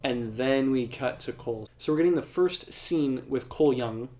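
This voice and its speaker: A man's voice: mid-range voice, moderate pace, warm tone, slight background noise. A man recapping a film in a casual, chatty way, filling his talk with "like" and swearing when something annoys him. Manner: conversational, says "like" a lot, swears when annoyed. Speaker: movie reviewer.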